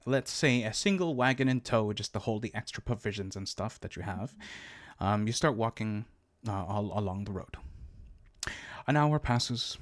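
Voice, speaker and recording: A man narrating as game master of a tabletop game, relaxed and halting, with many fillers. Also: on the low side, no echo, clean studio sound.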